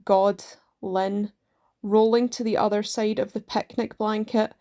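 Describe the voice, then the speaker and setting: Woman reading poems really slowly, even middle voice, lots of pauses between lines. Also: medium pitch. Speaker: poetry reader.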